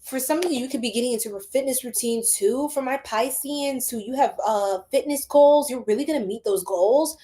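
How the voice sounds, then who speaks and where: Female tarot reader talking to her audience, loose and playful, slightly high-pitched. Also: brisk, hardly any pauses, dark tone. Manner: chatty and slangy, laughing often. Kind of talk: casual tarot reading to viewers.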